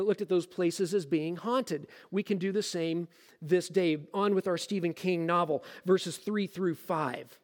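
A man preaching a sermon as a pastor, explaining scripture in a lively, casual, joking way. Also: high-pitched, big-room sound.

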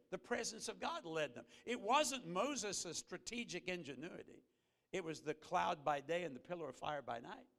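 A man preaching a sermon as a guest pastor, earnest, rising to emphatic peaks and then dropping low and slow. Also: gravelly, fairly bright tone. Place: church sanctuary. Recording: reverberant church hall.

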